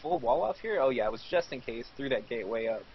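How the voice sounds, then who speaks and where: A man's voice: mid-range voice, big pitch swings, fast. Joking male esports play-by-play caster. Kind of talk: live play-by-play esports commentary. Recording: dull lo-fi stream audio with faint background noise.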